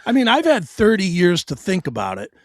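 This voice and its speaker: A middle-aged man with a fairly high voice tells a hard personal story with blunt, profane candor. He often stumbles into stammered restarts. The recording is close and dry, with almost no room sound. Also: wildly swooping pitch, a little fast, no echo. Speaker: show host sharing his story.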